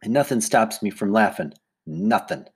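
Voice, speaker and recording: Guy reading a kids book out loud, plain steady first-person telling. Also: on the low side, normal speed, husky. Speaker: audiobook reader. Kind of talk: audiobook narration.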